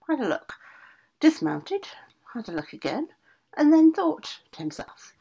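Lively, husky woman reading a fairy tale. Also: mid-range voice. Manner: lively, with casual asides. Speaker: storyteller.

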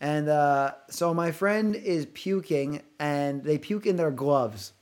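A man with a high-pitched voice tells a long party story in loose podcast banter. He rambles, swears freely and piles on detail, with a faint New tinge to his speech. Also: slow pace. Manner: animated, swearing, rambling anecdotes. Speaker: podcast co-host. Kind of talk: casual storytelling chat.

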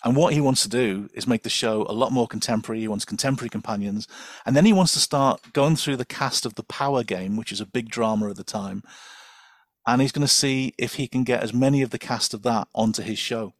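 A man's voice: mid-range voice, a little fast, dry recording. A man speaking as a guest expert in a casual podcast chat, chatty and enthusiastic, with lots of fillers and laughter.

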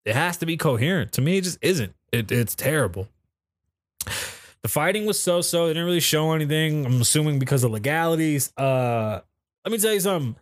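Podcast host, male, casual solo chat from home, a slightly high voice that is dry and close, with a blunt and cussing delivery. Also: expressive, brisk, no room sound. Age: adult, calls himself too old for festivals. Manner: blunt, profane, rambling. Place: home in Las Vegas.

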